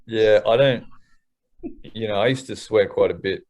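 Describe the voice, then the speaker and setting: Man, Australian accent, low voice, candid, slangy, swears freely, casual interview. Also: moderate pace, darkish tone. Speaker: interview guest, hip-hop artist.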